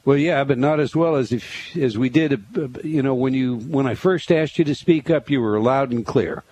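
A man's voice: mid-range voice, moderate pace, darkish tone. A man hosting a radio talk show, cueing up clips and talking casually and directly with his guests. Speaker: radio host.

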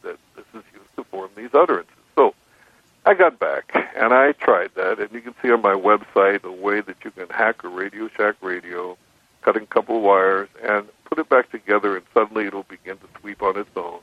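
A man calling in as a radio guest, telling his story in a measured way with frequent restarts. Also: fairly low pitch, dry recording. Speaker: guest describing his recording experiments. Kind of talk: phone-in radio interview. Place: on a phone call to a radio show. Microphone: telephone. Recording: dry tinny phone line.

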